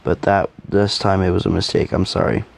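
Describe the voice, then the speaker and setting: A man's voice: deep voice, level tone, brisk, creaky. A man voicing a blunt, hot-headed young male fighter who speaks earnestly and clumsily in a fan audio drama.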